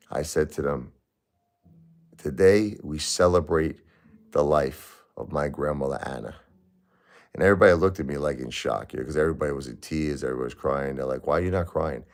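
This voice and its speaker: A man hosting a livestream, grieving and halting as he talks, often repeating himself. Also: rumbling low. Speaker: livestream host. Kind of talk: emotional livestream talk.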